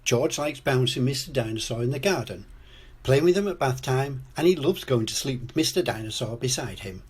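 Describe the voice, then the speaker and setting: An older man reading a children's storybook aloud as a storyteller grandad, in a slow gentle read-aloud. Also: medium pitch, expressive, slightly rough.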